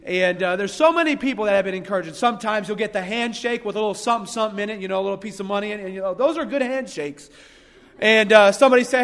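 A man preaching a folksy sermon who reads scripture slowly and with emphasis. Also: high voice, fairly bright tone, big-room sound. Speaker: guest preacher. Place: church hall.

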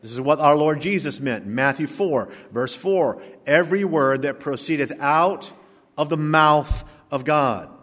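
Pastor guy preaching, kinda high voice, leans hard on key words, echoey hall. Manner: emphatic, slows down to stress key words; swings from quiet to loud. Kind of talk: sermon.

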